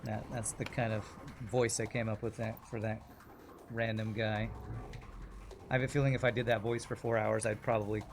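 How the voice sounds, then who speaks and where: A man's voice: lowish voice, level tone, normal speed, slight background noise. Chatty rambling man streaming a game. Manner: rambling, chatty, laughs often. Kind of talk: casual gameplay commentary.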